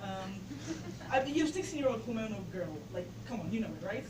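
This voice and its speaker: A woman's voice: medium pitch, expressive, a little fast. A woman in her twenties with an English accent, telling a story live on stage, chatty, with many fillers and laughing at her own story. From England. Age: 20s. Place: bar stage before a live audience. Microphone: distant camera mic. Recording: roomy, distant live recording with loud crowd and noise.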